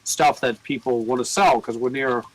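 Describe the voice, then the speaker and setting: A man working in a record store, telling cursing, animated stories in casual chat. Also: mid-range voice, moderate pace, no echo, poor audio. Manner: profane, animated storyteller.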